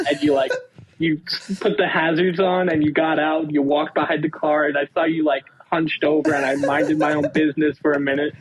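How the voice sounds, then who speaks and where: A man co-hosting a comedy podcast, telling stories in a dry, low-key way. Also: steady tone, normal speed. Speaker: podcast co-host. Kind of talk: casual banter. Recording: dull lo-fi sound with faint noise.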